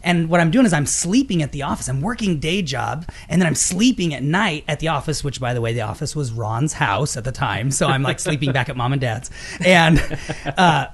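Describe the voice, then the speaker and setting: Animated storytelling man, lively pitch. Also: brisk, breathy edge. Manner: animated storytelling, acts out quotes. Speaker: podcast host. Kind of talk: casual business chat.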